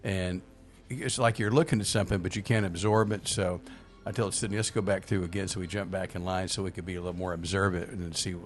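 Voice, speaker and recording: Older male radio veteran, very low voice, easygoing anecdotes. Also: fast, few pauses, faint music behind. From Memphis, USA. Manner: relaxed anecdotal storyteller, many fillers. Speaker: radio host. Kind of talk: casual radio talk and storytelling.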